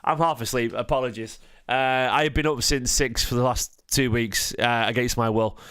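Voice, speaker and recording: A man's voice: medium pitch, fairly even intonation, moderate pace, fairly bright tone, smooth. Tired man rambling about football. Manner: rambling, restarts often, talks to chat. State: tired, half asleep. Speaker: football fan channel host. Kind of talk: casual livestream chat.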